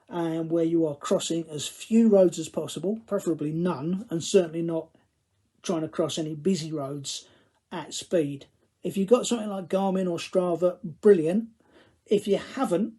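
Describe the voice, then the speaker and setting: A man's voice: sits high, warm tone. A male running coach giving instructional advice to camera, glancing at his notes, with dry self-deprecating humour.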